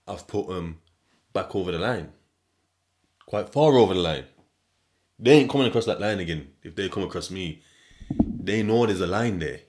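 A man with a very deep, low voice talks through a casual solo podcast monologue. His storytelling is animated and slang-heavy, full of repetition, and it jumps between quiet asides and loud bursts. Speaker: podcast host.

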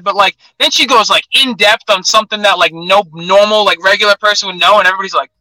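A man's voice: high voice, steady tone, fast talker, few pauses, pushed and bright, dry recording, poor audio. A young man chatting casually as an interview guest, telling stories with lots of "like". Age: young adult. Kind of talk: casual chat.

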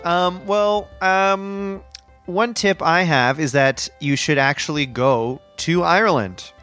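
A man's voice: fairly high pitch, slow, fairly bright tone, faint music behind. Laid-back, self-assured podcast man. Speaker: podcast co-host. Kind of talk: deadpan comedic podcast banter.

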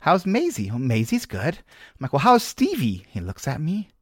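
A man's voice: on the high side, huge pitch swings, moderate pace, fairly bright tone, husky, dry recording, clean studio sound. A man in his thirties co-hosting a casual podcast, telling teasing stories in a wry way. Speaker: podcast co-host. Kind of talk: casual chat.

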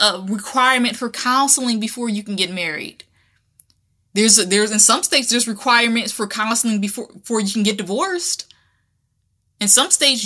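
Bright-voiced woman telling her story. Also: on the high side. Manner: candid and conversational, with colloquial phrasing and frequent restarts. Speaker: podcast host. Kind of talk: casual personal talk.

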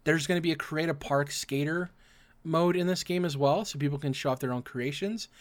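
A man hosting a casual gaming podcast, his throat rough and raspy from acid reflux, leading segments and asking his co-hosts questions. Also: a little high, brisk. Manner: runs the segments, asks the panel questions. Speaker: podcast host.

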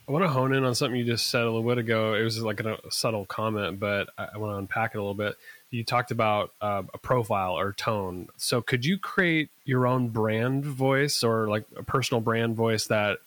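A man host of a podcast, posing probing follow-up questions. His voice sits on the lower side. He wants to unpack what his guest just said. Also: brisk, fairly bright tone. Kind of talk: podcast interview.

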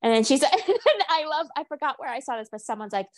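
A woman's voice: sits high, very animated, brisk. A woman co-hosting a casual pop culture podcast, chatting loosely, laughing often and slipping into mock voices when she quotes people. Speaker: podcast co-host. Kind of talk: casual chat.

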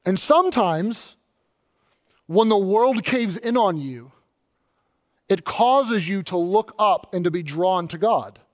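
A man, the pastor, preaching an animated sermon and acting out quoted voices along the way. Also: sits high, slow pace, long pauses.

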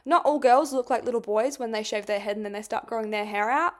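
A woman's voice: on the high side, fast talker. A young woman hosting a podcast, telling a personal story in a casual, rambling way, swearing often and filling with "like". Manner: chatty, swears a lot, fills with "like". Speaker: podcast host.

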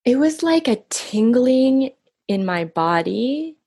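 A middle-aged woman speaking softly and reflectively in an intimate interview, often pausing and restarting her sentences. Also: fairly high pitch, very animated, slightly rough, no echo, clean studio sound. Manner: soft, reflective, halting with restarts. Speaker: guest recounting her husband's death.

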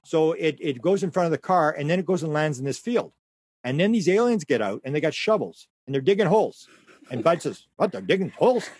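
A middle-aged man's slightly high voice spills out story after story, rambling and restarting as he goes. He acts out the people he quotes along the way. The sound is close and dry, with no room around it. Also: animated, fairly quick, a little mellow, no room sound. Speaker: guest. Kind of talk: conversational storytelling.

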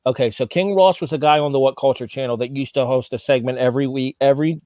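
A man's voice: medium pitch, fast talker, darkish tone, dry recording. A man co-hosting a podcast, giving a casual wrestling review in an analytical way and swearing freely. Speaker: podcast co-host.

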